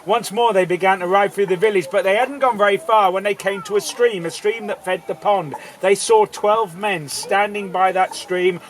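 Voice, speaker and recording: A man's voice: high voice, steady tone, normal speed, hardly any pauses, poor audio. A man telling a folk tale live to an audience, playful, theatrical and full of asides. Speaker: storyteller. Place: outdoor festival audience.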